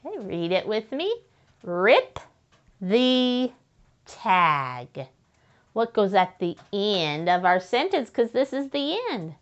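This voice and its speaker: Very animated yet unhurried, her mid-range voice comes through a muffled recording. She guides young children slowly through sentence writing, patiently sounding things out and praising them frequently.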